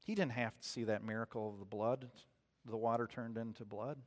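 A man's voice: fairly low pitch, steady tone, brisk. Man preaching a sermon with long reverb. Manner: conversational storytelling, asks the congregation questions. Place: church.

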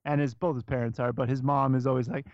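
A man's voice: medium pitch, level tone, fast, a little mellow, no room sound, muffled recording. A man co-hosting a podcast in casual chat, laughing often and swearing freely. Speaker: podcast co-host.

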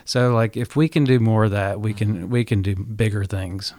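A man's voice: fairly low pitch, fairly even intonation, normal speed, a little mellow, no room sound. A man appearing as a guest author on a radio show, telling a story earnestly with many fillers, on a studio microphone. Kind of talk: radio interview.

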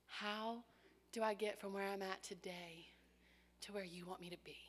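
A woman's voice: mid-range voice, fairly even intonation, normal speed, slight background noise. A woman preaching a sermon, acting out prayers in a child's voice and dropping at times to a whisper.

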